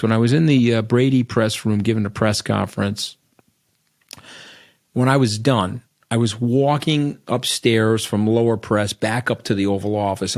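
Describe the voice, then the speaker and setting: A middle-aged man talks as an interview guest, blunt and animated. He tells his stories freely, tags points with "okay?", and sits at an average pitch for a man. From Long Island, New York. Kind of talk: candid storytelling interview.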